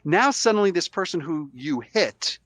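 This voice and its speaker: A man hosting a podcast while sick with a cold, arguing his side in a casual, animated way and acting out quotes. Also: on the high side, moderate pace, no echo. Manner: animated, argumentative, acts out quotes. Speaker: podcast host. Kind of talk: casual debate chat.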